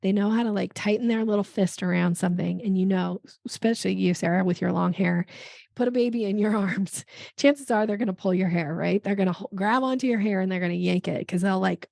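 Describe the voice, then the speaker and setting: Gravelly-voiced woman giving sales advice. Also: mid-range voice, no room sound, studio quality. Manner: animated, acts out dialogue in quick voices. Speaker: podcast guest, sales expert. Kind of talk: conversational interview.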